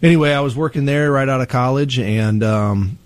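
A middle-aged man from Peoria, Illinois, a police chief talking through an interview in a relaxed way, with many ums and restarts. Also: mid-range voice, normal speed, no echo. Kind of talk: casual interview.

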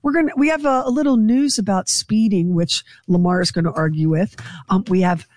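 Woman radio co-host, quick joking asides, medium-pitched voice, close dry studio mic. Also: darkish tone, no room sound. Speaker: radio morning show co-host. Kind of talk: casual radio banter. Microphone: studio microphone.

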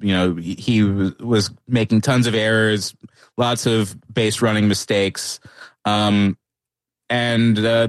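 A man, an author and guest, talking through his answers in a thoughtful, halting way with many restarts. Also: on the low side, dry recording. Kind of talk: conversational interview answers.

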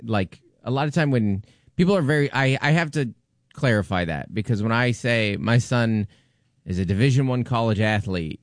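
A man's voice: mid-range voice, expressive, no room sound. Casting: man in his forties, wry talk-radio co-host, dry close-miked sound. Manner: wry, self-deprecating joking with quick asides. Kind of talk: casual radio chat.

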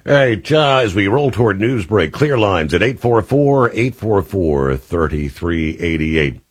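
A man's voice: lowish voice, lively intonation, unhurried, breathy edge, no room sound. A man hosting a talk radio show, reading news items and adding opinionated, conversational asides with frequent "uh" fillers.

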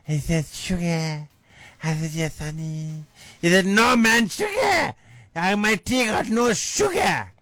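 A man's voice: a little high, level tone, a little slow, no echo, natural voice. A man voicing a gossipy middle-aged female agony aunt, giggly and theatrical, in a radio comedy sketch. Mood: dramatic. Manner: dramatic, giggly, swooping theatrical delivery.

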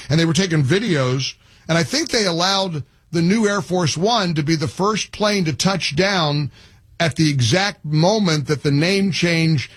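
A man's voice: a little high, husky, no echo. A man hosting a talk radio show, giving opinionated commentary in a mocking tone, laughing as he talks and restarting his sentences. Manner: mocking, laughs while talking, restarts often.

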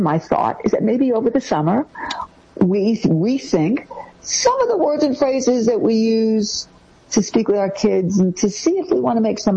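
Lively husky woman giving parenting tips. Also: lo-fi sound. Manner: lively, acts out quoted parent lines in a higher voice. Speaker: co-host giving parenting advice. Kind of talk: casual advice talk.

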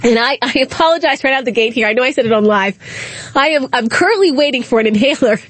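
A woman's voice: high voice, animated, fast, a bit bright, dry recording. A woman radio talk show host, out of breath, chatting with sarcastic asides from the studio.

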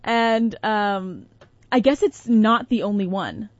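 A woman's voice: medium pitch, lively intonation, slow, dry recording. Playful female morning radio co-host, dry close sound, slightly muffled. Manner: playful, laughs while talking. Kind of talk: casual morning radio banter.

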